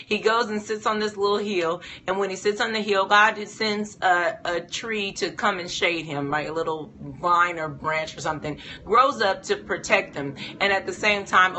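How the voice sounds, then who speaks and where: Woman, Bible teacher, devotional talk, animated, rhetorical questions, bright voice. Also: on the low side, slight background noise.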